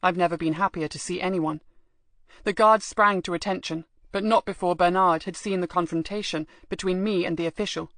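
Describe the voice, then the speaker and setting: Low-voiced woman narrating an audiobook. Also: steady tone, a little fast, fairly bright tone, no room sound. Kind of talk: scripted first-person narration.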